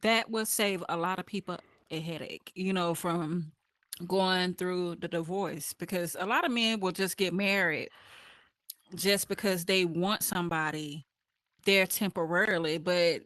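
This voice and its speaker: A woman talking in a casual group discussion, animated and acting out quoted voices. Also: lowish voice, a little slow, dry recording, studio quality. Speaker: panelist.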